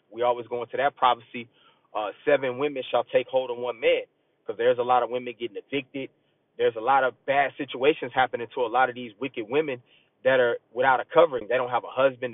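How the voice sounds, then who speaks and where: A man's voice: mid-range voice, no room sound. A man delivers an informal, urgent sermon, slipping between plain talk and read-aloud scripture. His speech is loose and conversational. The audio is narrow and phone-like, dry and close. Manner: earnest and urging, rising as he presses a point. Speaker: street preacher. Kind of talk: casual sermon.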